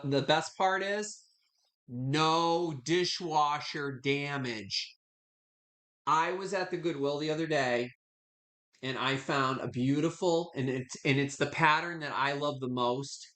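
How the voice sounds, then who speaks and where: Chatty bright-voiced man hosting a live sale. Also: medium pitch, echoey room. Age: 50s. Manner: chatty, calls viewers honey and sweetie. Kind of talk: live online auction selling. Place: his home.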